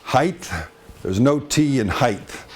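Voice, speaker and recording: A man's voice: medium pitch, lively intonation, takes it slowly. A man from Texas with a Texan accent, telling folksy anecdotes in a wry, good-humored way and chuckling often. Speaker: storyteller.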